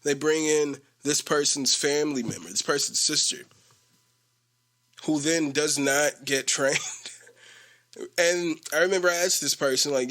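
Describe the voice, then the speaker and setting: A young man telling a story in a casual podcast rant, animated and slangy, laughing often. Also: measured pace. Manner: animated, slangy, mimics coworkers with a low voice. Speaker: podcast host.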